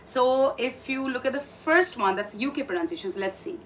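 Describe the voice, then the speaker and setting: Female trainer, higher voice, calm step-by-step explainer; mic a little distant, faint background noise. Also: normal speed. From India. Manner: patient, explains step by step, repeats words for practice. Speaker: English pronunciation trainer. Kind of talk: online pronunciation lesson.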